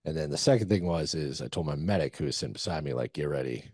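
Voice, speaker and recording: Very deep husky man telling war stories. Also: expressive, fast, darkish tone, dry recording, clean studio sound. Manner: loose, profane war storytelling with many fillers. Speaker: guest, former Army Ranger. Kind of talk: casual storytelling interview.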